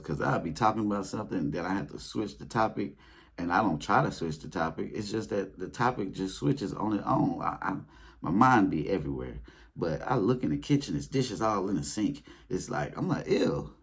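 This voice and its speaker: A man speaking in a casual storytelling monologue, animated, acting out his past reactions in a high voice. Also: breathy edge. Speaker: spiritual video creator.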